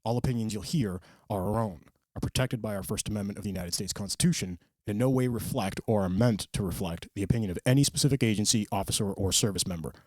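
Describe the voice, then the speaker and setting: Deep man reading a brisk disclaimer. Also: darkish tone, no echo. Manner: brisk, formal read. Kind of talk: scripted podcast disclaimer.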